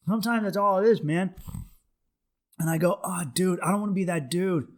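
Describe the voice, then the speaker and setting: A man's voice: a little high, fast talker. A young man hosting his podcast, telling stories in a loose, profane, rambling way. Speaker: podcast host. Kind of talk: casual monologue.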